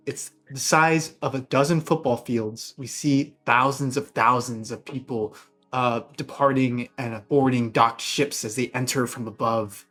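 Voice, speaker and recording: A man running a tabletop game as game master, setting scenes cinematically with some fillers. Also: mid-range voice.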